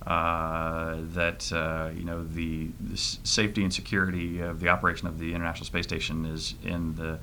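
A low-pitched man with a bright, forceful tone, answering questions in an interview. He is middle-aged and speaks haltingly, filling gaps with "uh" and "you know" and restarting his sentences. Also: little pitch movement, a little hiss or hum. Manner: halting, many fillers and restarts. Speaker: interview guest, private spaceflight trainee.

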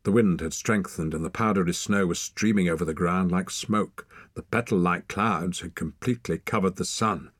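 A man narrating an audiobook in an expressive storytelling manner. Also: deep voice, moderate pace, few pauses, no room sound, studio quality.

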